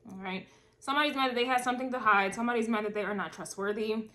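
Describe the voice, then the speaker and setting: A chatty woman gives a casual tarot reading. Her voice sits a little high. She talks to her viewers in a loose, playful way and fills the gaps with hums and asides. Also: racing, pushed and bright. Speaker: tarot reader.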